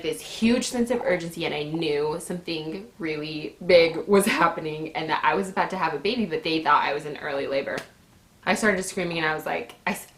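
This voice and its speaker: A woman in her twenties telling a personal story in a casual, animated way, laughing often and acting out her own shouts. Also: fairly low pitch. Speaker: vlogger. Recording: echoey room with faint noise.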